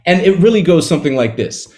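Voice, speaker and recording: A man's voice: a little high, big pitch swings, a little mellow. Chatty man retelling his novel. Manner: conversational, retells scenes with quick acted quotes and laughs. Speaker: author discussing his novel. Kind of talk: casual interview talk.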